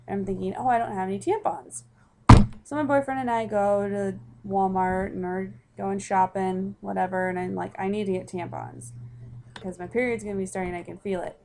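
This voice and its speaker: A woman's voice: mid-range voice, fairly even intonation, fairly quick, gravelly, noisy background. Young woman chatting in a rambling way. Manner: chatty, rambling, with many fillers and restarts. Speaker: vlogger telling a personal story. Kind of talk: casual storytelling to camera.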